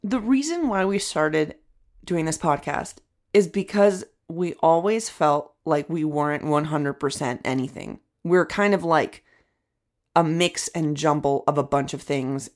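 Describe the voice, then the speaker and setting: A woman's voice: low voice, a little slow. A young woman from Venezuela co-hosting a podcast, chatting casually in a rambling, self-deprecating way. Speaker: podcast co-host, comedian. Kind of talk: casual chat.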